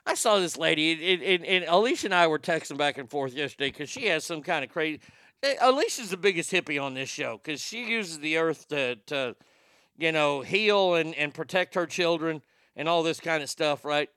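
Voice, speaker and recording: A man's voice: on the high side, lively intonation, moderate pace, pushed and bright, clean tone, no echo, studio quality. A man hosting a show, talking in a folksy, rambling, profane way with many restarts. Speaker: show host. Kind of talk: casual talk-show monologue.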